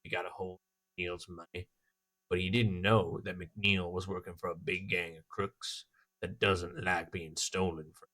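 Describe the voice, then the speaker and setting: A streamer putting on a low, muttering old farmhand. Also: flat delivery, unhurried, exaggerated voice. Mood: gruff, muttering. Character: gruff old male farmhand talking to cows. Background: loud game music.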